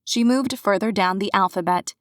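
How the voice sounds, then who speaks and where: Audiobook narrator: woman, mid-pitched, measured, dry studio sound. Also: dry recording. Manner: even, measured storytelling. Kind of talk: scripted narration.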